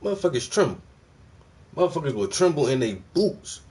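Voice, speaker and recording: A man hosting a casual reaction commentary, talking in profane street slang with loud exclamations. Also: fairly high pitch, big pitch swings, fairly quick. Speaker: host reacting to a clip.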